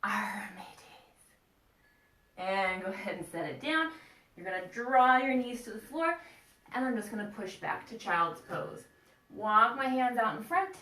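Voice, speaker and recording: A woman's voice: a little high, expressive, moderate pace, sharp tone. A woman teaching a children's yoga class, playful and encouraging as she guides them through poses and breathing. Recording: echoey room, mic at a distance.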